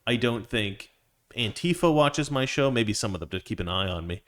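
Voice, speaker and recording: A man's voice: on the low side, expressive, normal speed, fairly bright tone. A man hosting his own show, delivering a rambling opinion monologue full of restarts and digressions. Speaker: show host.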